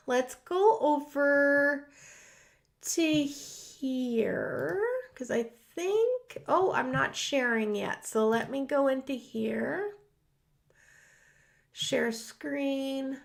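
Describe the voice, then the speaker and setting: A woman's voice: high voice, extremely slow, vocal fry, a bit bright. A woman hosting a livestream from her home studio, emotional and rambling, with many restarts. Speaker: host. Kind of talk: casual livestream talk.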